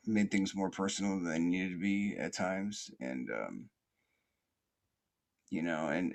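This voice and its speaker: A podcast host with a low-sitting voice reflects slowly and haltingly, full of fillers and restarts. His cadence is soothing, almost sleepy.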